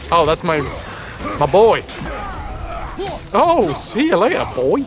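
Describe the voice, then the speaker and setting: A man's voice: sits high, wildly swooping pitch, takes it slowly. A man streaming a game, chatting casually with viewers, reading game text aloud and swearing now and then. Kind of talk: casual gameplay commentary with chat. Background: faint game music.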